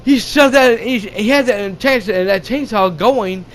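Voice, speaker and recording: High-voiced man rambling through a recap. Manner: rambling, halting retelling with many restarts; casual and profane. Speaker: gaming channel host. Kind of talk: casual movie recap.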